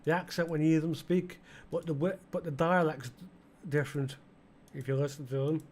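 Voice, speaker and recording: Here a middle-aged man with an East Midlands English accent speaks at normal speed in a slightly high, slightly mellow voice with fairly even intonation. As a gaming channel host giving casual let's-play commentary, he chats and rambles to the game's customers, using lots of fillers.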